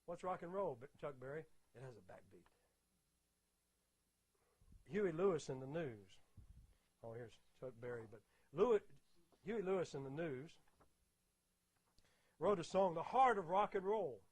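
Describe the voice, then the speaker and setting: An older man lectures on music, explaining rhythm and counting out beats with steady emphasis. His voice sits a little higher than most men's. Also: a little slow, long pauses. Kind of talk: spoken lecture with audio clips.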